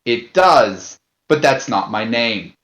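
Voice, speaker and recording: A man playing a tabletop role-playing game, speaking in character in a halting, indignant way with many fillers. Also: medium pitch, lively intonation, fairly bright tone, reverberant.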